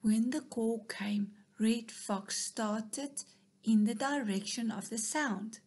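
Slow, husky woman reading a storybook. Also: fairly high pitch, fairly even intonation. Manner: soft, dropping to a whisper at times.

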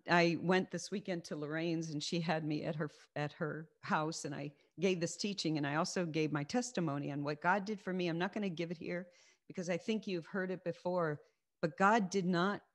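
Low-voiced woman giving an earnest faith talk. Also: moderate pace. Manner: earnest, repeats key phrases for emphasis. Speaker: faith group teacher. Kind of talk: Christian teaching and personal testimony. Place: home, on a video call. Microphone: video call.

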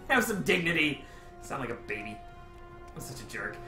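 A man's voice: mid-range voice, big pitch swings, normal speed, creaky, pushed and bright. A man playing a co-op video game, joking around, swearing often and laughing a lot. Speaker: co-op game player. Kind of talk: casual gaming chat with swearing. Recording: echoey room with game music behind.

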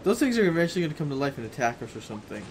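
A man's voice: fairly high pitch, very animated, racing, slight background noise. A man commenting casually on a video game as he plays, tossing out jokey asides. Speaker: let's play host.

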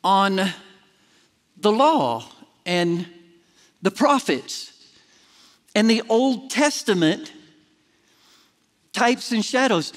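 A man's voice: high voice, big pitch swings, drawn-out words, long pauses. A middle-aged man preaching a folksy, self-deprecating sermon to a church congregation, building to emphatic peaks. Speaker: pastor. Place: large church sanctuary. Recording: long hall reverb of a church.

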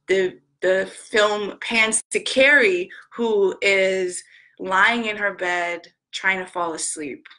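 Bright-voiced woman telling a heartfelt story. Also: medium pitch, poor audio. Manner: earnest, gentle, retells scenes with quoted lines. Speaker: inspirational vlogger.

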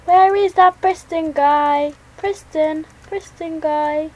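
A high-pitched woman narrates her game as she plays, jumpy and thinking aloud. She talks slowly and mutters her next moves as they come to her. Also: fairly even intonation, darkish tone, highs cut off. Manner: jittery, talks to herself while playing. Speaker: gaming channel host. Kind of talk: let's play commentary.

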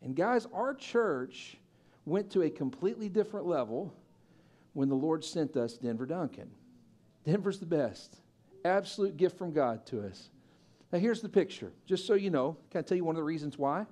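A man with a high, bright-toned voice preaches to his church. He tells stories with energy, acting out other people's lines and pushing to loud, excited peaks. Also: moderate pace. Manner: animated storyteller, acting out quoted voices and building to loud peaks. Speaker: pastor. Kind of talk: sermon with storytelling.

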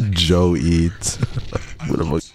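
A man's voice: low voice, steady tone, extremely slow, darkish tone, soft background music. A man streaming a game, bantering with his chat in a teasing, profane, mock-menacing way. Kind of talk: casual gaming stream chat.

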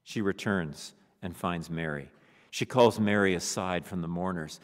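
A man delivering a funeral sermon as pastor, expressive, sometimes dropping to a hushed near-whisper. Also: low voice, moderate pace. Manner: expressive preaching, drops to a hushed near-whisper on solemn words. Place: church sanctuary. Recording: long church reverb.

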